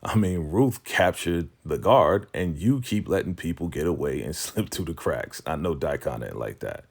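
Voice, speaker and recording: A man's voice: rumbling low, lively intonation, moderate pace, slightly rough. A man hosting a casual TV episode recap, chatting freely with lots of fillers and frequent laughs.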